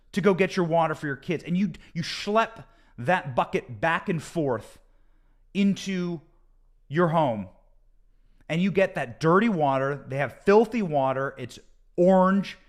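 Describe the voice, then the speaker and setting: Male host from the US, fairly high voice that swings widely, delivering a sarcastic, emphatic political monologue. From United States. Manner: emphatic, sarcastic, repeats points for effect.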